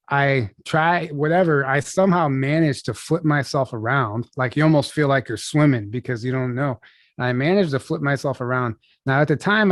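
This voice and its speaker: A young adult man with a mid-range voice tells a personal story as an interview guest over a video call. He's casual and halting, full of restarts and "like," with no room sound.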